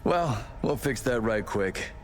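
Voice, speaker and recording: An actor voicing a smooth, polite male host in a video game. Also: medium pitch, expressive, slow, a little hiss or hum.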